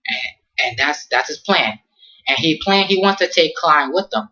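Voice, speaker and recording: Slangy man recapping an anime, bright voice. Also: fairly high pitch, lively intonation, measured pace, dull audio. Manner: slangy, rambling, many fillers and restarts. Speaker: anime reviewer. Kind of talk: casual episode recap.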